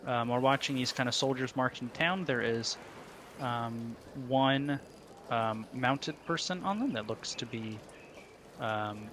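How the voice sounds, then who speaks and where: Male game master narrating a tabletop game, unhurried and halting. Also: medium pitch, a bit bright, slight background noise. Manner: halting, many ums and pauses.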